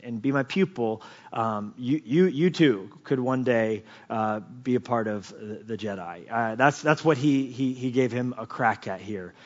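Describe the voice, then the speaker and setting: A man preaching a sermon as pastor, telling the story with lively asides, jokes and many restarts. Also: medium pitch, highs cut off. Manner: animated storytelling, swings from quiet asides to loud emphasis; many restarts and repeated words, jokes and chuckles.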